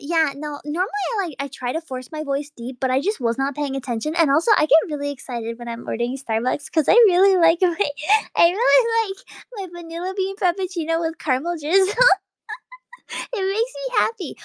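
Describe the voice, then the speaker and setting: A high-pitched woman streamer rambles through a casual late-night chat. She is excitable and breaks into laughter often. The sound is dry and close. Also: a little fast, no room sound.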